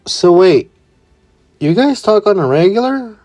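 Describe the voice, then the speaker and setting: A man's voice: mid-range voice, animated, a little slow, darkish tone, close to an everyday voice. A man voicing a curious teenage girl.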